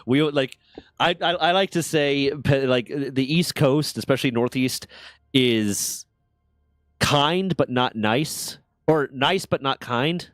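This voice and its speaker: A man's voice: mid-range voice, slow, dry recording, studio quality. A young American man from Pennsylvania, streaming casual chat, rambling and swearing freely as he makes his points. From Pennsylvania, USA. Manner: profane, rambling, emphatic.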